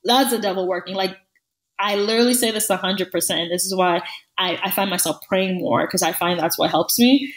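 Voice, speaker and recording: A woman's voice: mid-range voice, fairly quick, low-quality recording. Woman podcast co-host, casual and emphatic, mid-range voice, repeats lines for stress. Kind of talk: casual chat.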